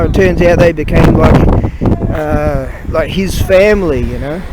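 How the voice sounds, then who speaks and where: A man retelling a story while out on a cold walk, halting and swearing as he loses his train of thought. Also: fairly high pitch. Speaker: vlogger. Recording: loud wind noise on outdoor mic.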